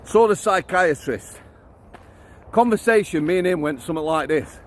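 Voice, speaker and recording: A man's voice: high voice, animated, moderate pace. Blunt man ranting outdoors. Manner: blunt, ranting, calls out to his dog mid-talk. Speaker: former prison officer vlogger. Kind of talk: outdoor walking vlog rant. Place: outdoors walking a dog.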